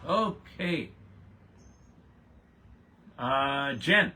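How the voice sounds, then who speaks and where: A man's voice: high-pitched, big pitch swings, extremely slow, long pauses, bright, forceful tone. An older man hosting a health podcast, reading out listener questions and answering them in a blunt, emphatic, folksy way. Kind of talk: casual health Q&A.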